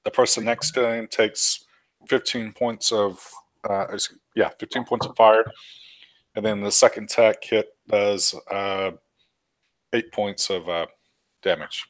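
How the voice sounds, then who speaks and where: Low slow guy going uh uh while reading off his damage. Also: fairly even intonation, poor audio. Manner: hesitant, reads out damage numbers with fillers. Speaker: player. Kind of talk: casual tabletop game chat.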